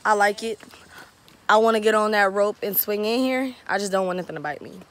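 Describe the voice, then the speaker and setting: A woman's voice: medium pitch, a little fast. A young woman chatting casually and swearing freely while vlogging on a phone outdoors. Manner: laid-back, swears often, slangy. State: out of breath. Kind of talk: casual vlog chat. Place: outdoors by a creek.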